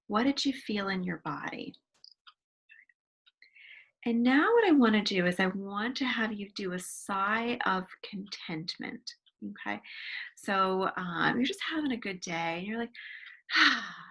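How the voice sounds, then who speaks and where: A woman counselor leading a guided wellness exercise from her home office, gently counting aloud and demonstrating sighs. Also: medium pitch, animated, measured pace, long pauses.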